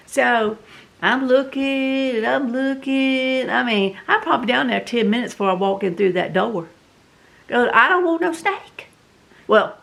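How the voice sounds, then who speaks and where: A middle-aged woman with a Southern US accent tells a story in a casual, animated, dramatic way, full of fillers. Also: on the high side, creaky. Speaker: vlog host.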